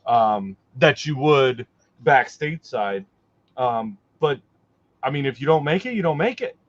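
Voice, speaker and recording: A man's voice: mid-range voice, lively intonation, measured pace, no echo. Man talking casually, dry dull sound. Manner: conversational, hesitant, many fillers. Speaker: co-host. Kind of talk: casual livestream chat.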